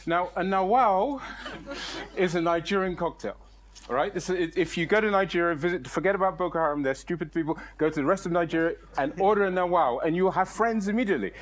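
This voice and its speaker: A middle-aged man telling a comic story on stage, animated and exaggerated, often laughing through his own lines. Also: high-pitched, a little fast.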